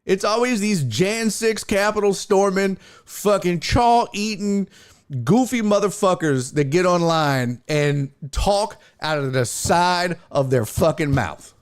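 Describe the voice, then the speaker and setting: Profane, ranting man, fairly high voice. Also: slow pace, smooth. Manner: angry, profane, swings between shouting and muttering. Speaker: sports talk streamer. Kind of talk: profane ranting live stream.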